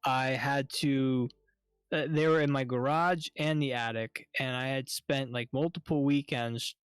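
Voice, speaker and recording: A man telling a story on a stream in casual chat, animated and swearing often. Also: mid-range voice, unhurried, smooth, no room sound, studio quality.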